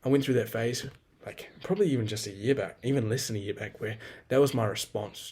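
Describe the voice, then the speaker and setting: A man's voice: lowish voice, fairly even intonation, quick pace, a little mellow, husky. A young man talking through a rambling, frank personal monologue, swearing freely and poking fun at himself. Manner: rambling, swears a lot, frank and self-deprecating.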